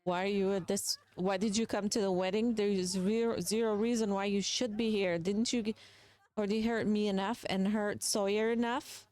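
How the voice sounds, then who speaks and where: A woman's voice: medium pitch, fairly even intonation, normal speed, darkish tone, lightly acted. Woman voicing an indignant new husband. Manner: indignant, scolding.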